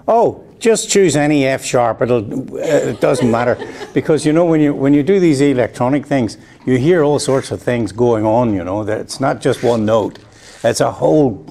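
A man's voice: on the low side, mellow. An older man with an Irish accent, telling joking stories to an audience with chuckles as he goes. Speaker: flutist giving a talk. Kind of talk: anecdotal storytelling to an audience.

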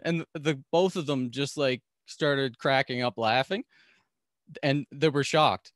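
A man's voice: mid-range voice, slow pace, dry recording, clean studio sound. A man telling a story as a podcast guest, talking animatedly and laughing often. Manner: animated, laughs often, acts out quoted voices. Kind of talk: storytelling in a casual interview.

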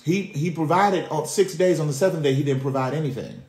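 A male pastor preaching a sermon in a lively, conversational way, full of street slang and direct talk to the congregation. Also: on the high side, fairly quick. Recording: roomy echo.

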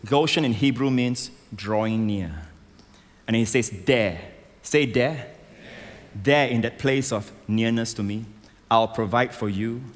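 A man preaching a sermon as a pastor, emphatic and rising to loud exclamations, on a stage microphone in a large church. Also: medium pitch. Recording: long hall reverb.

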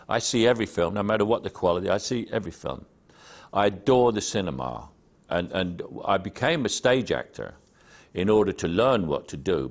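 An older man with a Cockney accent, an actor telling anecdotes about his career in an interview, self-deprecating and full of stories. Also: low-pitched. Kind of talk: reminiscing interview.

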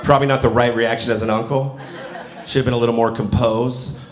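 A man in his forties performs a stand-up set at a comedy venue, his mid-range voice brisk as he tells stories animatedly and acts out quotes. The roomy live recording carries a laughing audience.

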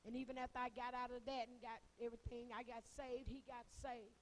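A woman minister with a Southern US accent preaching a testimony sermon, fervent and crying, swinging from soft words to shouts. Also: a little high, flat delivery, a little fast, a little hiss or hum, poor audio.

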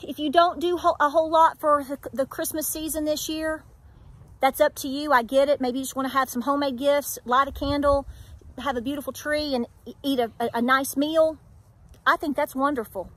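A woman's voice: high-pitched, steady tone, brisk, fairly bright tone. A middle-aged woman with an Appalachian accent, talking straight to her viewers in an emphatic, preachy way full of rhetorical questions. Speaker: homestead vlogger. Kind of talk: candid talk to camera.

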